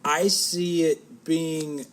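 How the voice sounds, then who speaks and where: Rambling talkative man, slightly high voice. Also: flat delivery, very slow. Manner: rambling, self-correcting, joking. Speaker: podcast co-host. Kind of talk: casual chat.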